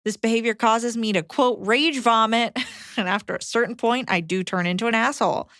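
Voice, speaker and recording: A woman co-hosting a podcast, reading listener letters aloud in a brisk, deadpan way. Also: fairly high pitch, no echo, clean studio sound. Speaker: podcast co-host.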